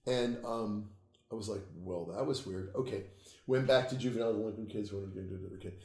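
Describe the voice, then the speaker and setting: A man, an occult author, telling stories in a casual interview, swearing freely and getting animated. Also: fairly low pitch, fast talker, echoey room. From United States. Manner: profane, animated storytelling, laughs at own tales.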